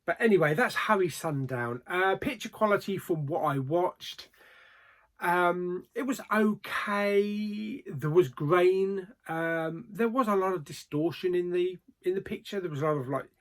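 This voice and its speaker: A man reviewing films in a casual vlog, plain-spoken, with frequent ums and trailing pauses. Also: sits high. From Australia. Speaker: movie reviewer.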